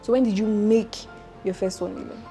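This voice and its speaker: A woman's voice: medium pitch, steady tone, fairly quick, mellow, soft background music. Playful Nigerian woman host. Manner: playful, teasing, conversational. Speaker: podcast host. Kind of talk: casual interview.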